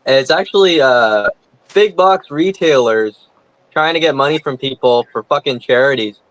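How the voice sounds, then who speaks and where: A man's voice: medium pitch, animated, moderate pace, a bit bright, no room sound, low-quality recording. A man ranting indignantly on a casual comedy podcast, heavy with swearing. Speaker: podcast co-host.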